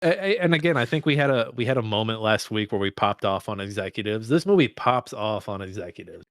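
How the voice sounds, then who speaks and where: A man co-hosting a film podcast, talking in a profane, excitable, rambling way. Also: on the low side, quick pace, dry recording, studio quality. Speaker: podcast co-host. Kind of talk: casual film discussion.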